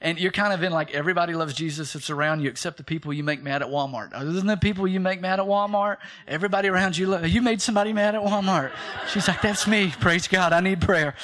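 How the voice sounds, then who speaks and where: Bright-voiced, animated male pastor preaching. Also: on the high side. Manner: animated storytelling with acted quotes, calls for congregation response. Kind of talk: sermon.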